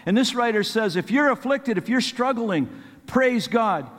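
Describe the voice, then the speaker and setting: A preacher with a high-pitched, fairly bright voice gives an earnest sermon, slightly slow and full of lively intonation, rising into fervent pleading whenever he reads scripture. A long echo suggests a large hall.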